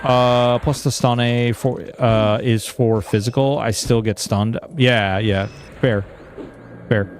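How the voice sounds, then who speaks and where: A male game streamer chatting casually, reading viewer messages aloud and answering them with plenty of fillers. His voice sits at a middling pitch, with a faint hiss of noise underneath. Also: fairly even intonation, slow pace. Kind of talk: casual livestream chat.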